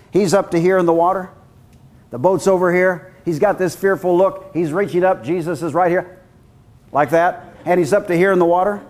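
Male preacher, high voice, animated storyteller who acts out voices. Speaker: guest preacher. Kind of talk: sermon.

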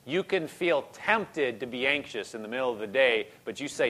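A man's voice: mid-range voice, animated, fairly quick, fairly bright tone. A man preaching a conversational sermon, repeating phrases and rising into emphatic bursts.

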